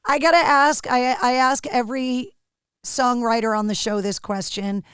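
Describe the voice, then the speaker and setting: A woman's voice: on the high side, fairly even intonation, a little slow, fairly bright tone, smooth, dry recording, studio quality. A woman hosting a podcast interview, asking upbeat, teasing questions. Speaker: podcast host. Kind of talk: casual interview chat.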